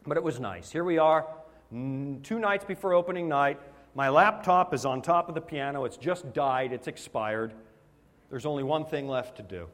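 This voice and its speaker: A man preaching a sermon, telling a story with animation and laughing at himself along the way. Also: on the high side. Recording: hall with long reverb.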